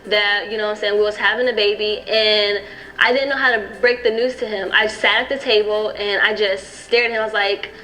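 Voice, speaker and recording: A woman's voice: medium pitch, fairly even intonation, fairly quick, sharp tone, rough recording. A young adult woman recounting personal events in a documentary interview, with frequent "you know what I'm saying".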